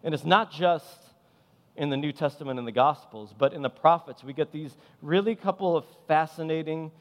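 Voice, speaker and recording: Delivering a sermon at a moderate pace, this high-voiced pastor is impassioned and emphatic, driving points home through repeated phrases, with a long hall reverb on the recording.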